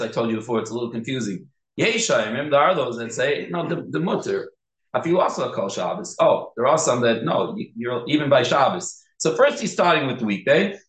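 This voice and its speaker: In an echoey room and on a low-quality recording, a man with a medium-pitched, slightly bright voice gives a Torah class on halacha. He speaks Yeshivish English with Hebrew and Yiddish terms, going through the material step by step and repeating the key points.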